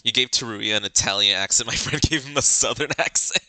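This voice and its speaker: Animated man with a bright, sharp voice. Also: medium pitch, a little fast, dry recording, rough recording. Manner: animated, chatty. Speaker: streamer. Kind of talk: let's play commentary.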